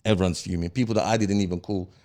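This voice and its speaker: A man's voice: sits low, steady tone, quick pace, warm tone. A man, a podcast guest heatedly retelling events in street slang and checking in with "yeah?" after each point. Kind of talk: casual storytelling interview.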